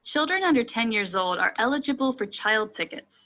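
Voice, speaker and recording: A woman's voice: on the high side, expressive, fairly quick. A woman playing a polite ticket clerk in a scripted lesson dialogue. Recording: dull lo-fi audio.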